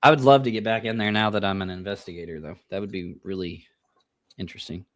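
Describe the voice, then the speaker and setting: A man with a Midwestern American accent, a paranormal investigator who co-hosts a podcast, tells stories in laid-back casual chat, swearing and laughing often. His voice is low-pitched and steady in tone, a bit bright, and quick-paced, captured in a dry, clean studio recording.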